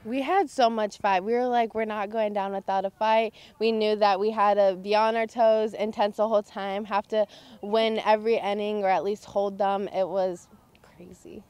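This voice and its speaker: A teenage girl in a post-game interview about her softball team. She talks with bubbly excitement and fills her answers with "like" and "honestly". Her voice sits at an ordinary pitch for a young woman. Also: normal speed, clear, resonant tone. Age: teens. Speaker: high school softball pitcher.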